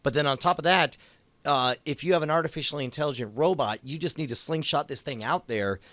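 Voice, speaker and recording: Quick, rambling podcast man. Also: on the high side, fairly bright tone, dry recording. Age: adult parent. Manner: rambling, quick bursts with fillers. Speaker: podcast co-host. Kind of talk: casual chat.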